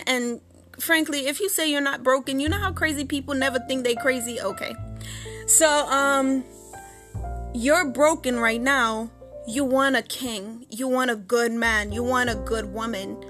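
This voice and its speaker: A woman's voice: a little high, a bit bright. A woman hosting her own podcast in a casual advice talk, sassy and blunt, swearing freely and slipping into bits of slang. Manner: slips into Jamaican-style slang. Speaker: podcast host.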